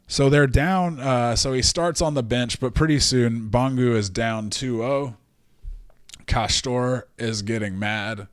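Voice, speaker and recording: A man's voice: on the low side, dry recording, clean studio sound. A man hosting a podcast, telling a story casually with lots of fillers and swearing. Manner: profane, animated storyteller with many fillers. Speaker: podcast host.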